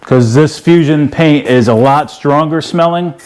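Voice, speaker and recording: A man's voice: a little high, unhurried, darkish tone, smooth. A middle-aged man hosting a casual how-to video, walking through a project in a folksy, rambling way with lots of fillers. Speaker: DIY video host.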